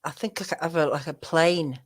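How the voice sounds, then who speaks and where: A woman's voice: low voice, fairly quick, slightly rough. A woman with a plain Northern English accent hosting a casual conversation, talking hesitantly with many restarts. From northern England. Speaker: host.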